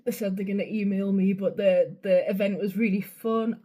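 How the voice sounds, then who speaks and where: Woman, North East English accent, beauty vlogger; loose, chatty, sweary, mid-pitched everyday voice. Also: normal speed, mellow. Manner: rambling, casual, swears freely. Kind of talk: chatty makeup tutorial. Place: home vanity area.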